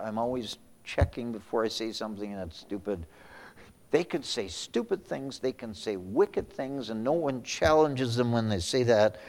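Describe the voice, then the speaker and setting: A man's voice: medium pitch, long reverb tail. A male pastor preaching a sermon, swinging between raised emphasis and sudden whispers, often repeating words as he restarts.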